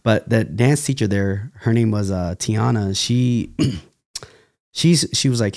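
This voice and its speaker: Young guy from cali, lowish voice, rambly storytelling, lots of laughs. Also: a little slow, darkish tone. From California. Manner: loose, rambling, laughs often, restarts. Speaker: podcast guest, dancer. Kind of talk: casual storytelling interview.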